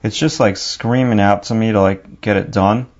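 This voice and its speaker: A man's voice: fairly low pitch, fairly even intonation, normal speed, a little mellow, lo-fi sound. A man with a New York accent narrating a drawing lesson, talking casually and thinking aloud as he works. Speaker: drawing teacher.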